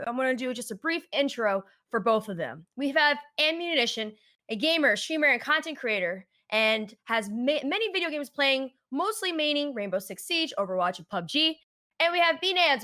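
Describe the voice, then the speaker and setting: An upbeat woman hosts a casual interview, with a bright, clear voice that sits a little high. She keeps the chat lively and laughs easily. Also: brisk. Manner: upbeat, chatty, with frequent laughs. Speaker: host.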